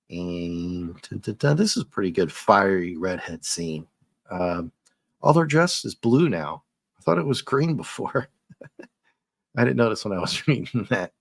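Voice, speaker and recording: Man, deep voice, dry close sound, casual comic review, rambling, chuckles a lot. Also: measured pace, gravelly, no echo. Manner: rambling and chatty, chuckles often.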